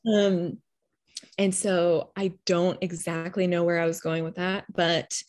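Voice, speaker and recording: A woman's voice: lowish voice, flat delivery, takes it slowly, a little mellow. A woman and mother chatting casually, rambling reflectively with many fillers. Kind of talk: casual chat.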